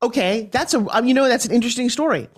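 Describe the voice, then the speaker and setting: A woman from New York, a podcast guest, telling her story in an animated and forthright way. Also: a little high, fast.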